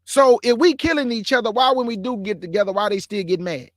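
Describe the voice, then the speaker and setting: High-voiced man, earnest impassioned monologue. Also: fairly quick, no room sound, studio quality. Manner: earnest, addresses listeners as family and bruh; grows heated and emphatic. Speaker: show host.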